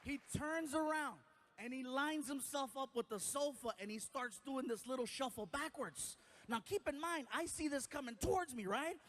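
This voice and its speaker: A man telling a long comic story on stage, animated and acting out the people in it. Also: very high voice, moderate pace. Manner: animated, acts out other people's voices. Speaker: stand-up comedian. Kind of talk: stand-up comedy storytelling.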